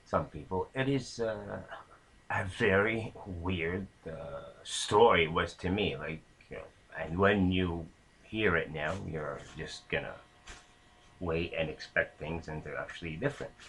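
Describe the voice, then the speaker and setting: A man's voice: sits low, a little slow, fairly bright tone, breathy edge, rough recording. A man casually telling a long anecdote, rambling with many fillers and restarts. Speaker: storyteller.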